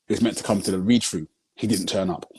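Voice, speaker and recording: A film director, guest on a live video chat streamed from a phone, tells his story earnestly and keeps asking "you know what I'm saying" to check you follow. His voice sits low, darkish and breathy at the edge, and he talks fast.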